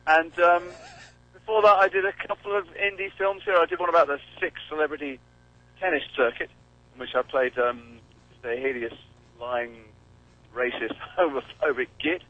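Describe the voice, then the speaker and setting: A man's voice: a little high, fairly even intonation, moderate pace, no room sound, lo-fi sound. An English man calling in by phone to a radio show, joking and making fun of himself. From England. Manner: wry, self-mocking, joking. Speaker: celebrity caller. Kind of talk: casual phone-in chat. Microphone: phone while driving.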